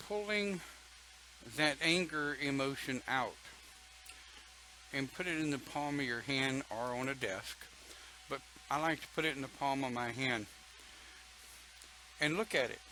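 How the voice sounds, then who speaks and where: A man's voice: medium pitch, unhurried, long pauses, bright, forceful tone, a little hiss or hum, poor audio. An older man leading an online pagan church talk, folksy and chatty, reading viewer comments and laughing often.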